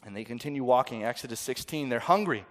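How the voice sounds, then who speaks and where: A man preaching a sermon, swinging from loud, dramatic quoting to soft, intimate asides. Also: mid-range voice, expressive, fast.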